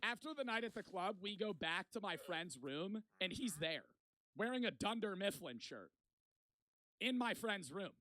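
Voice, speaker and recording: A man's voice: sits high, expressive, moderate pace, bright, forceful tone, no room sound. A man in his twenties telling a rambling, profane story in casual vlog style. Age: 20s. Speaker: vlogger.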